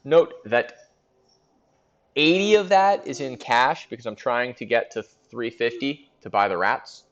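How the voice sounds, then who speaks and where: A man's voice: mid-range voice, a little slow, lo-fi sound. A man hosting a casual recap of a league in a fantasy sports board game, chatting and thinking aloud with fillers.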